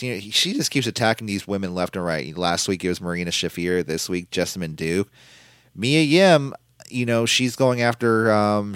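A man talks alone in a casual recap, rambling and opinionated as he goes. His voice sits low, and the recording is dry and close, with no room echo. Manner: rambling and opinionated, quotes people in put-on voices. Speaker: podcast host recapping wrestling.

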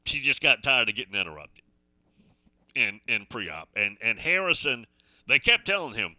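Soft music plays behind a middle-aged radio talk show host as he tells a folksy story in a chatty, casual way, repeating and restarting phrases. He speaks at a moderate pace in a medium-pitched, very animated voice that sounds pushed and bright.

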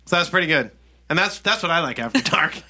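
A man co-hosting a casual chat show launches into a long comic story. His voice is bright and ringing, leaping all over in pitch, and he keeps breaking into laughs while playing out the conversations. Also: fast talker. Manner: animated, laughing, acts out dialogue. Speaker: podcast co-host.

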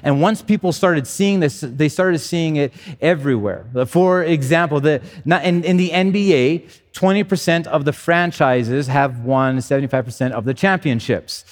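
A man preaching to his church in a relaxed, talky manner, doubling back on words as he thinks aloud. His voice sits a little higher than most men's, and it rings out with the long reverb of a large hall. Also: normal speed, hardly any pauses. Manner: conversational, repeats words as he talks. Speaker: pastor. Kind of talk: sermon.

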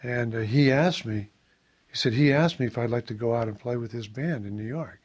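A man's voice: mid-range voice, a little fast. An older man from Iowa, a jazz saxophonist, casually telling anecdotes and acting out the voices of the people in them. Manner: animated storyteller, acts out quoted voices, laughs often.

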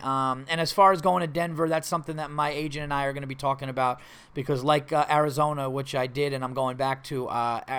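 A man's voice: on the high side, fairly bright tone, clean tone. A man hosting a casual podcast, talking in a slightly raised register as he reads listener mail and fires back blunt, profane reactions. His delivery is loose and rambling, full of fillers and restarts. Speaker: podcast host and stand-up comedian. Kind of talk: casual podcast chat, reading listener letters aloud.

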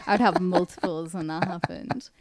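A woman's voice: lowish voice, fairly even intonation, moderate pace, darkish tone, no echo, studio quality. A woman from northern England with a northern English accent, co-hosting a podcast in a giggly, blunt, crude chat. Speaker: podcast co-host.

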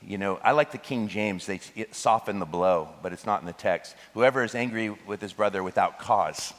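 A man preaching a sermon as pastor, animated, with joking asides and laughter. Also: on the low side, normal speed. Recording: long hall reverb.

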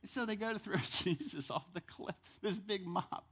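A male pastor preaching a sermon in church, telling the story with lively acted-out voices. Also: high voice, moderate pace, slightly rough.

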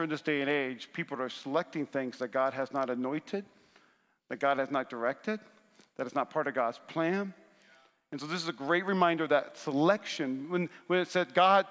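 A man's voice: on the high side, bright, forceful tone. A male pastor preaching a sermon, calling out to the congregation for responses and rising in bursts of intensity. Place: large church sanctuary. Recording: long church hall reverb.

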